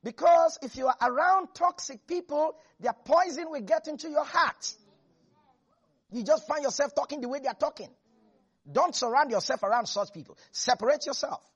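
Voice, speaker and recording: A preacher gives an animated sermon, laughing often and acting out the quotes in the scripture. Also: high voice, normal speed, muffled recording.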